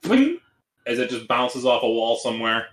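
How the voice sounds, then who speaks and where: A man narrating as game master in a tabletop game, relaxed and descriptive, laughing easily at the players. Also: mid-range voice, fairly quick. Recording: echoey room.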